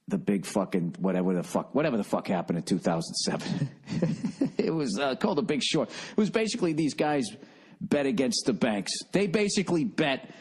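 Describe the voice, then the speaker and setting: A man's voice: fairly low pitch, a little mellow, breathy edge. A middle-aged man with a Boston accent hosting a solo podcast, rambling in a profane, self-mocking and distracted way. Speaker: podcast host.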